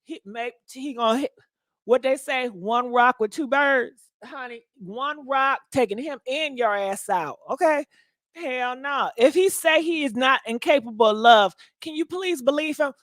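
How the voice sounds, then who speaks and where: A woman's voice: sits high, measured pace, a bit bright, dry recording. A woman hosting a casual gossip commentary, talking in a blunt, profane, sassy way. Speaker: host.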